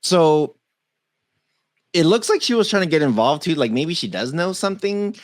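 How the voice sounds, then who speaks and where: A man's voice: fairly high pitch, sing-song, normal speed, dry recording. A man co-hosting a tech-news podcast, chatting casually, joking and cursing freely. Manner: loose, joking, laughs often, swears. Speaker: podcast co-host.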